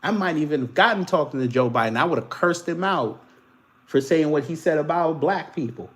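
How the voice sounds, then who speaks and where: A man's voice: a little high, brisk. A man from the Caribbean hosting casual commentary, reading posts aloud with sarcastic, mocking remarks and muttered asides. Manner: animated, sarcastic, mocking, swings between loud and muttered asides. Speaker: political commentary host.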